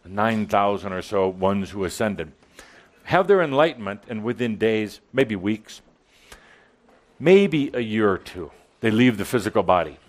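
A man speaking to a live audience in a channeled spiritual talk, playful and teasing, with dramatic pauses and swings between loud and soft delivery. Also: fairly low pitch, lively intonation.

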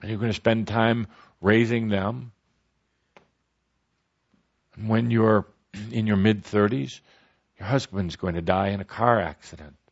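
A man voicing a calm, all-knowing spirit that speaks slowly and reassuringly in a storytelling recording. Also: lowish voice, muffled recording. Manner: slow, soothing, reassuring.

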